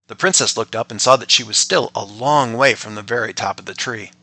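A man reading a bedtime story aloud, gentle and playful, as a father and podcast storyteller. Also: fairly low pitch, a little fast.

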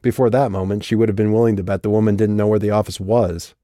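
Low male audiobook reader, mellow, dry close mic, measured delivery. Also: fairly even intonation, no echo. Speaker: audiobook narrator. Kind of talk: scripted narration.

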